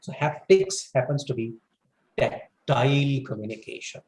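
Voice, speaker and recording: A man from India giving a lecture on English, explaining at length with lots of "you know" and "for that matter", his pitch rising and falling for emphasis. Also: normal speed, darkish tone, echoey room, poor audio. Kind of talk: recorded lecture.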